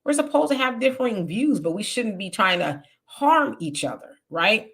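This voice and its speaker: A woman's voice: on the high side, sing-song, moderate pace. A woman hosting a casual live stream, chatting with viewers and reading their comments aloud. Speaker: livestream host reading chat comments.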